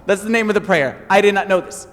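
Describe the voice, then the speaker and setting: A man preaching a sermon as pastor, telling stories with animated, emphatic repetition. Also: high voice, fast, big-room sound.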